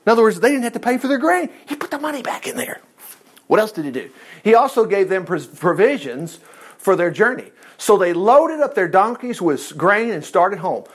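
Male Bible teacher with a high, lively voice; reads the story and comments on it in a folksy way. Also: moderate pace. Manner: animated, folksy asides to listeners.

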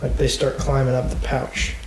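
A man's voice: medium pitch, level tone, moderate pace, vocal fry, darkish tone. A man hosting a podcast in casual chat, joking with playful mock-dramatic banter. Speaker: podcast host. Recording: roomy echo, faint noise.

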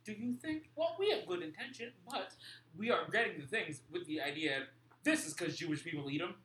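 A man's voice: sits high, expressive, brisk, fairly bright tone. A man co-hosting a casual podcast chat, playful and jokey, rambling through his questions. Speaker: podcast co-host. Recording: echoey room with faint background noise.

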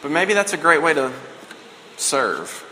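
A man's voice: a little high, sing-song, unhurried, pushed and bright, slight background noise. A man in his thirties giving a conversational, emotional sermon as a pastor. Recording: reverberant hall with faint ambience.

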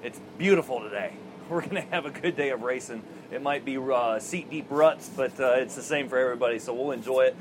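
Folksy, chuckling racetrack chaplain. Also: male voice, medium pitch, fairly quick, background noise. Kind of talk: outdoor chapel sermon. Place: outdoors at a racetrack.

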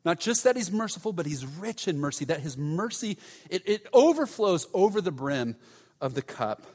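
A man's voice: high voice, very animated, normal speed, darkish tone, in a large hall. A male pastor preaching a sermon in an emphatic, conversational way, stressing key words by repeating them.

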